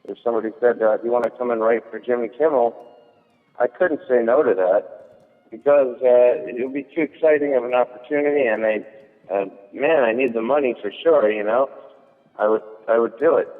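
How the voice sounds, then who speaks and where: A male comedian talks at normal speed in a medium-pitched voice as a guest in casual chat. He rambles through a story, full of fillers and restarts. The sound is thin and phone-like, with a long echo.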